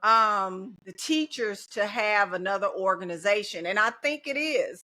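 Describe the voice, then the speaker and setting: A woman's voice: mid-range voice, expressive, measured pace, bright, forceful tone. A middle-aged woman, a teacher and union organizer talking casually and determinedly as a podcast guest. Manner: determined, speaks in slogans, laughs easily.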